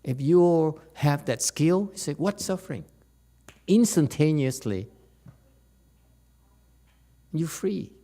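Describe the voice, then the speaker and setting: A man leads a dharma lecture in a temple hall. His voice sits a little high, and his delivery is animated and teasing, often asking the room whether the point is clear. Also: takes it slowly, pauses often. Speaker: Buddhist teacher.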